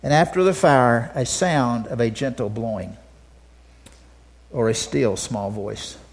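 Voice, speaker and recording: Preaching slowly in a mid-range voice, this male pastor swings from forceful, loud proclamations to quiet, hushed asides, frequently restarting phrases and repeating words.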